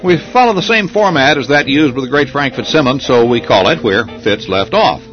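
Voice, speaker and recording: An older man hosting a local radio program, reading his memories in a wry, unhurried storytelling way. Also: mid-range voice, lively intonation, faint music behind. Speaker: radio host. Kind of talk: scripted radio reminiscence. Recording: dull lo-fi radio recording.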